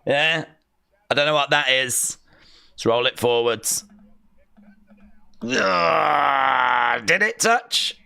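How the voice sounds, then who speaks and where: A man streaming a live watch-along, giving excitable, chatty commentary with mock outrage. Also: mid-range voice, very slow, creaky, pauses often.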